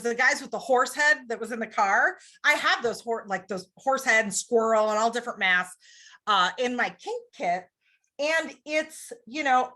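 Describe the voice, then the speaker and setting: A woman with a high, bright voice presents candidly over a video call. Her pitch leaps and swoops as she acts out how people react, and her talk stays frank and lively. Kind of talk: online presentation.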